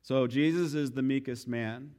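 Preaching at a moderate pace in a mid-range voice, this pastor keeps his sermon playful and full of jokes, often poking fun at himself with lively, animated energy.

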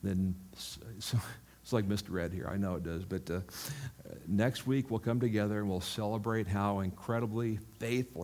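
A middle-aged male pastor giving a sermon, jokey and animated in the telling, then soft and prayerful. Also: fairly low pitch, moderate pace.

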